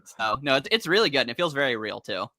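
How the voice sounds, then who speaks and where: Bright, lively young man chatting. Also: mid-range voice, fast, no echo, studio quality. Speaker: podcast co-host. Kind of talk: casual comic book discussion.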